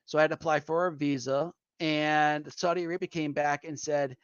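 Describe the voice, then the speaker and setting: A man with a Boston accent, a veteran telling animated stories in casual chat and calling his listeners folks. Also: a little high, moderate pace, hardly any pauses, smooth, dry recording. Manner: animated anecdotal storyteller, addresses listeners as folks. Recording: dull lo-fi audio.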